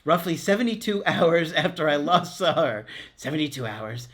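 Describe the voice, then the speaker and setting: A man's voice: fairly high pitch, very animated, normal speed, fairly bright tone. A middle-aged man, a relationship coach and podcast host, reads a listener's letter aloud in casual chat, joking and laughing often at his own asides.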